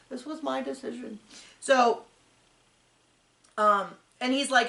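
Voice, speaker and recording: A woman hosting a casual recap chat, telling stories in an animated way with lots of "like". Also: high voice, takes it slowly, creaky, long pauses. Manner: animated storyteller, frequent "like". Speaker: podcast host. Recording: roomy echo.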